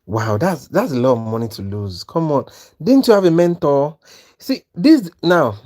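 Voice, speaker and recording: A man commentating his trades on a live stream, talking with viewers as he goes. He is animated and repeats himself, restarting phrases and asking whether they understand. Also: fairly high pitch, normal speed. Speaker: trading mentor and live-stream host.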